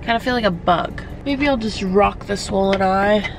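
A woman's voice: medium pitch, moderate pace, vocal fry, background noise. A young woman with a stuffy nose, chatting upbeat and straight to the camera in a casual vlog. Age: young adult. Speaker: vlogger.

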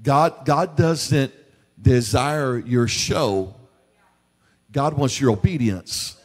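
A man's voice: mid-range voice, drawn-out words, big-room sound. A man preaching a sermon in a church, emphatic and repetitive, driving his points home. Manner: emphatic, repetitive, building intensity. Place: church sanctuary.

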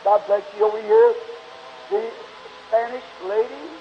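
A man's voice: extremely high pitch, big pitch swings, measured pace, vocal fry. A man preaching an altar call and closing in prayer, pleading fervently with the congregation at a church meeting. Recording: dull lo-fi 1950s tape, faint hiss.

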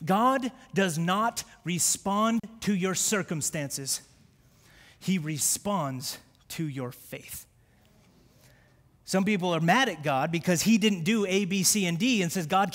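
Male preacher, high voice, fervent sermon delivery that swings between loud and intimate, church sanctuary with long echo. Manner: impassioned, swings from shouted prayer to quiet confiding. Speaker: pastor. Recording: long hall reverb from a church.

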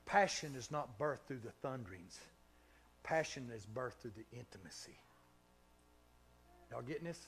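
A pastor with a Southern Kentucky accent preaching a sermon, swinging from loud emphatic preaching to soft, intimate near-whispers, with chuckles between phrases. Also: male voice, medium pitch, animated, normal speed, pauses often, soft background music. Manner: laughs between phrases and drawls stretched key words.

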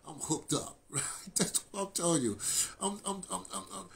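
This older radio artist's voice sits high and creaky at a moderate pace. He recounts a long, personal story in an emotional, lively way, repeatedly restarting and adding asides.

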